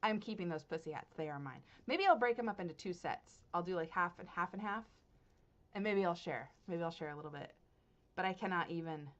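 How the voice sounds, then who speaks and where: A woman hosting a knitting podcast, chatting casually to her viewers, excitable and gushing, laughing often and swinging between hushed and loud. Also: fairly low pitch, a little fast, muffled recording. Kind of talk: casual unboxing chat to viewers.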